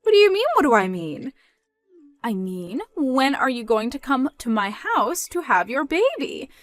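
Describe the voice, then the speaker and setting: A woman's voice: sing-song, normal speed, dry recording, soft background music. A woman voicing a scornful, controlling middle-aged mother who mocks and scolds in a dramatized story. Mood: pushy. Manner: mocking, loud, rising in pitch when scolding.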